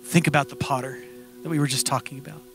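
A man's voice: mid-range voice, steady tone, quick pace, a bit bright, faint music behind. A male preacher closing his sermon with earnest, emphatic storytelling.

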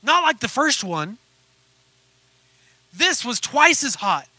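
A man's voice: extremely high pitch, very animated, takes it slowly, sharp tone, no echo, pitched above the performer's own voice, exaggerated voice. A man voicing a suffering male teacup that recalls being shaped and fired, telling it in a pleading, dramatic way. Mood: anguished.

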